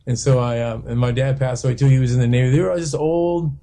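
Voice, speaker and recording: A man's voice: mid-range voice, steady tone, fast, mellow. A man in his fifties, a rock guitarist from San Francisco, telling rambling, profane stories with frequent laughs in a casual radio interview. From San Francisco, California.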